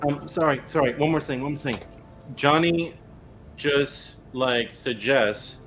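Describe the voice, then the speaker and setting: A man's voice: mid-range voice, measured pace, a bit bright, faint music behind. A man playing a tabletop role-playing game, hesitant, earnest and apologetic. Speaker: player. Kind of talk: casual tabletop play.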